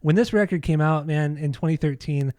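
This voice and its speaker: A man's voice: fairly high pitch, brisk, darkish tone, no room sound. A young man co-hosting a casual podcast, laughing often and swearing with enthusiasm. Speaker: podcast co-host. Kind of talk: casual chat.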